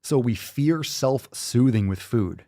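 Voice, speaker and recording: A man's voice: medium pitch, expressive, takes it slowly, mellow. A man hosting a podcast, ranting with blunt, profane, sarcastic commentary and mocking asides. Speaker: podcast host.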